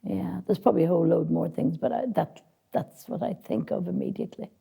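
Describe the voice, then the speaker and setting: A woman's voice: fairly low pitch, brisk, gravelly, warm tone, breathy edge. A woman casting director answering interview questions with direct, practical advice for actors, speaking frankly.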